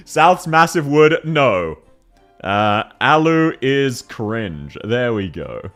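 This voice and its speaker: A man's voice: medium pitch, sing-song, slow, a bit bright, soft background music. Giggly young male streamer. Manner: giggly, laughs often, reacts to chat. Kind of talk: casual live-stream chat while gaming.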